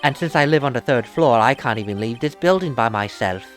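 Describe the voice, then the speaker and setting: A woman playing a gentle young male circus acrobat from a video game. The voice is pushed low and stays earnest and mild. Faint game music hums under it. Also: animated, a little fast.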